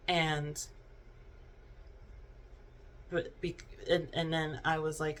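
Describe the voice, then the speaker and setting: A young adult vlogger telling a personal story in a halting, subdued way, with many restarts and fillers. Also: mid-range voice, little pitch movement, slight background noise. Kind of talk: unscripted storytime monologue.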